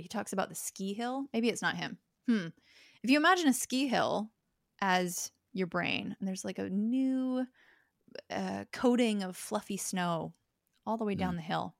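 A woman's voice: mid-range voice, animated, a little slow, gravelly, pauses often, no echo, clean studio sound. A young woman speaking as a guest in a podcast conversation. She talks thoughtfully and explains her ideas through examples. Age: young adult.

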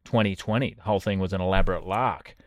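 Dry sardonic Australian man, low voice. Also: steady tone, fast, dry recording. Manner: dry, sardonic, swears casually. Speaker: podcast co-host. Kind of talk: comedic storytelling chat.

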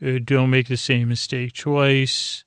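A man's voice: mid-range voice, little pitch movement, takes it slowly, a bit bright, clear, resonant tone, no echo. A man casually retelling an episode in a loose, rambling way, full of fillers and quoted lines. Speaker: podcast host. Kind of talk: casual sleepy recap.

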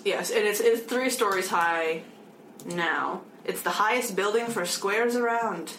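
A woman's voice: medium pitch, a little slow, a bit bright. A young woman co-hosting a casual chat, rambling with lots of fillers and frequent laughter. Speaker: podcast co-host. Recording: echoey room with faint noise.

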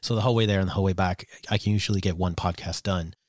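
A man's voice: deep voice, racing, no room sound, studio quality. A man in his forties, an opinionated podcast co-host chatting casually and swearing now and then. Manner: opinionated, swearing, animated when excited. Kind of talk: casual chat.

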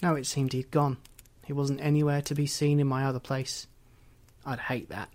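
Brit guy reading as a sad lady ghost, quiet, kinda wry, audiobook vibe. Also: mid-range voice, little pitch movement, normal speed, natural voice. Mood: wistful. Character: murdered woman's ghost, wistful and resigned.

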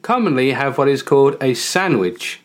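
A woman's voice: very deep voice, animated, moderate pace, heavy background noise. A woman co-hosting a casual podcast chat, reading facts aloud and laughing often. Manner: giggly, reads facts aloud with frequent laughter. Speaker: podcast co-host.

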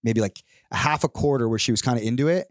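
A man co-hosting a podcast, telling stories in a casual, animated way and acting out the people in them. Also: mid-range voice, fast talker, dry recording, studio quality. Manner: animated storyteller who acts out the people in his stories. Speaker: podcast co-host. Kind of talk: casual chat.

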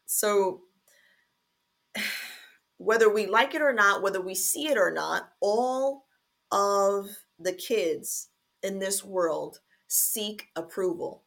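A woman hosting a faith-based podcast, talking earnestly and deliberately to fathers, with some fillers and restarts. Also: mid-range voice, pushed and bright. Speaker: podcast host.

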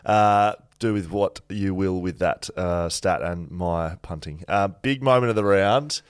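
A man's voice: low-pitched, a little slow, clear, resonant tone, no room sound, clean studio sound. Teasing Australian man hosting a podcast. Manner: jokey, teasing banter. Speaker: podcast host. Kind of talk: casual chat.

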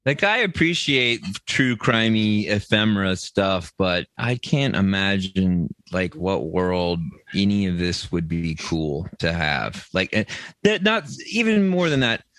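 A man's voice: low-pitched, sing-song, unhurried, a bit bright, dry recording. A man co-hosting a comedic podcast, talking in a profane, rambling, sardonic way. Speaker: podcast co-host.

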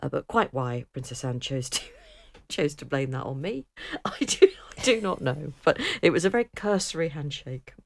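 A woman's voice: deep voice, animated, normal speed, vocal fry, few pauses, slight background noise. A middle-aged woman, co-hosting a casual chat, talkative and self-deprecating with frequent laughter. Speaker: co-host.

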